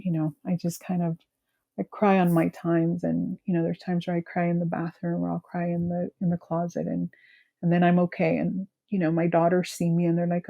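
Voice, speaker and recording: A woman in her thirties from California, speaking haltingly about her grief as a guest, full of "you know" fillers. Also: on the low side, monotone, gravelly, mellow, dull audio. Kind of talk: emotional personal conversation.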